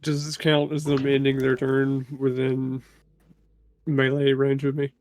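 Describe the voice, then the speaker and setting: A man's voice: mid-range voice, completely flat delivery, a little slow, a little mellow, slight background noise. A man playing a tabletop game, talking through his rolls in a matter-of-fact, casual way. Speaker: player.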